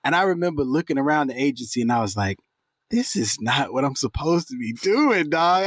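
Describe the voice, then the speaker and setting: Animated, slangy male actor telling stories. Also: fairly high pitch, a little slow, dry recording. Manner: animated, slangy, acts out quoted voices. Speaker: actor guest. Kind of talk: casual interview storytelling.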